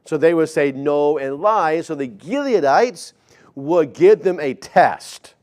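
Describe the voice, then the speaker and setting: A man delivers a relaxed teaching sermon in a fairly high voice, taking his time. He often turns to the congregation with friendly asides.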